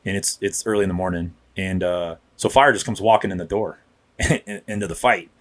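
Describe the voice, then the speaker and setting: Low voiced cop guy rambling thru a story real quick on a podcast, lots of restarts. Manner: rambling, restarts, acts out quotes. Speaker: police officer guest. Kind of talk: casual storytelling.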